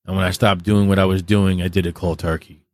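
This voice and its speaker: A man's voice: low-pitched, little pitch movement, fast, a little mellow, no room sound. A man as a podcast guest, telling candid stories in a blunt, heavily profane, vivid way. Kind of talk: candid interview storytelling.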